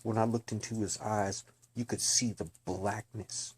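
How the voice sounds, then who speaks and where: A man's voice: lowish voice, fairly even intonation, measured pace, few pauses, slightly rough. A man giving an earnest personal testimony, talking bluntly and slangily and addressing his listeners directly. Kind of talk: emotional personal testimony to camera.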